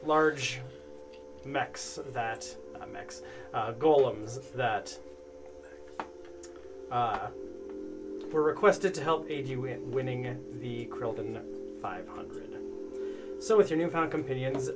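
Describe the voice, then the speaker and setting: A man's voice: medium pitch, animated, slow, pauses often. Man narrating a game recap over music. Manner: rambling, self-correcting narration. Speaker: game master.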